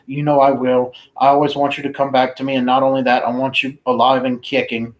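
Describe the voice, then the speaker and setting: A man's voice: mid-range voice, flat delivery, brisk, lightly acted. A man reading the lines of a devoted young girlfriend in a tender way.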